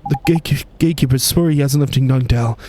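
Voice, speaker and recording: A man's voice: medium pitch, fairly quick, noisy background, lightly acted. A man voicing a dutiful, formal male castle guard reporting bad news, over game music. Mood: worried.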